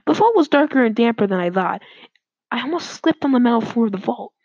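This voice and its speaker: A woman's voice: on the high side, lively intonation, fast talker, darkish tone, dry recording. A woman narrating her own story aloud in a plain, slightly hesitant reading. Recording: dull lo-fi dry recording.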